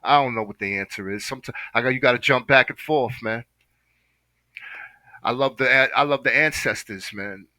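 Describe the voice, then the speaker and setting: A man gives heated, preachy reaction commentary, dropping "man" into nearly every sentence. His voice is very bright and forceful, in a mid range, and the sound is close and completely dry. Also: medium pitch, moderate pace, dry recording, poor audio. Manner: impassioned, preachy, says "man" constantly. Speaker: reaction video host.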